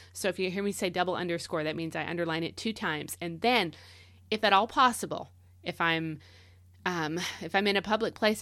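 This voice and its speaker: A woman's voice: lowish voice, fairly bright tone, no room sound, clean studio sound. A woman hosting a devotional podcast, teaching in a casual, conversational way and leaning hard on key words.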